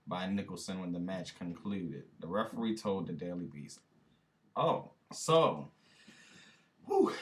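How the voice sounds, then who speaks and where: A man hosting a reaction video, talking casually and with disbelief, laughing now and then and speaking straight to his viewers in slang. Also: sits low.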